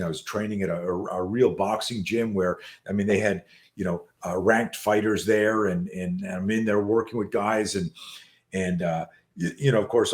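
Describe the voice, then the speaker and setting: An older man, a self-defense instructor, telling a story in a podcast interview with emphatic, profane speech, many restarts and acted-out dialogue. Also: lowish voice. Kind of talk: animated storytelling in a podcast chat. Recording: echoey room.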